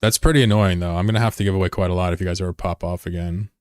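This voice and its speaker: A man's voice: deep voice, fairly even intonation, racing, darkish tone, clear, resonant tone, no room sound, clean studio sound. A man from the United States rambling and joking casually as he chats with his live-stream viewers. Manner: joking, rambling, answers chat messages.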